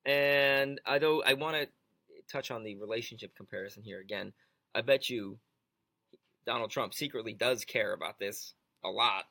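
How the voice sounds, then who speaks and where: Brief: male talk radio co-host, bright and slightly high, wry and chatty, dry close mic. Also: normal speed, vocal fry, dry recording. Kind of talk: casual chat.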